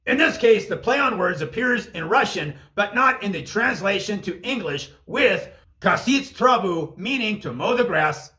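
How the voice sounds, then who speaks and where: A man's voice: sits high, lively intonation, moderate pace, pushed and bright. A man narrating a scripted language lesson, reading phrases in another language and translating each one. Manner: bilingual, translating Russian phrases line by line. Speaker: language teacher.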